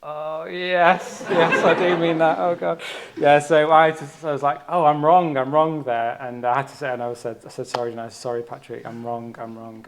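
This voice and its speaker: A man's voice: medium pitch, slight background noise. Earnest man thinking aloud. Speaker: retreat speaker, doctor. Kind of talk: personal Dharma talk.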